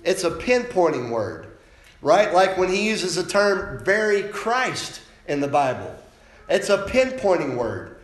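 A man preaches a sermon, pressing his points home with insistent emphasis and tagging them with rhetorical questions to the congregation. His voice sits a little higher than most men's. It carries a roomy echo. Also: big pitch swings, a little slow. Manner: preaching with frequent rhetorical "right?" tag questions. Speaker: pastor.

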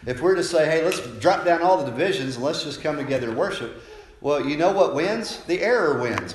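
A man preaching a sermon in a conversational style, often checking in with listeners. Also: fairly high pitch. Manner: conversational preaching, frequent "right?" tag questions. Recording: echoey room, faint noise.

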